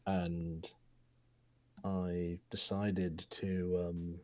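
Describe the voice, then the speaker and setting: Casting note: male podcast co-host in his twenties, warm, mellow tone, hesitant storyteller. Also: low-pitched, little pitch movement, very slow. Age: 20s. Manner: hesitant anecdote-telling with many restarts. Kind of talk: casual chat.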